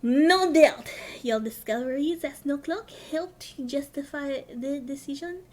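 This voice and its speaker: A woman's voice: high voice, lively intonation, normal speed. Woman doing a fancy knight lord, all courtly and flowery. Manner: courtly, effusive, old-fashioned. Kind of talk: reading game dialogue aloud.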